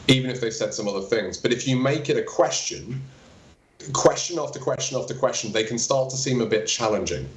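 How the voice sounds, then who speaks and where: Low-voiced man in an echoey room. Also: fast. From England. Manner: practical, explains with quoted examples. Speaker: chiropractor. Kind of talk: interview answer, explaining technique.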